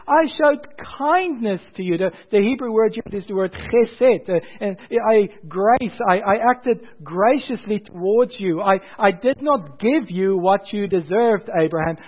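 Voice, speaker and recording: A preacher speaking as an ancient king who bargains in a high, insistent voice, pressing his case and pleading for a promise. The voice sounds tinny and narrow, as if it came over a phone line. He is a man who sounds like he wants something. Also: expressive, measured pace, few pauses. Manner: pleading, insistent retelling in first person.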